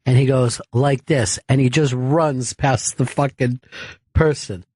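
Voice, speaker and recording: A man telling a wild, profanity-filled story on a radio talk show, acting out the shouts and laughing as he goes. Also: mid-range voice, fairly even intonation, a little slow, dry recording.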